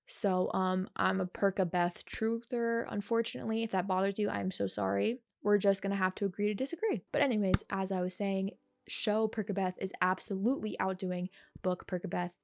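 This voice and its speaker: A woman casually reviewing a TV episode in a chatty, sarcastic way, with animated asides. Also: mid-range voice, normal speed. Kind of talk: casual video commentary.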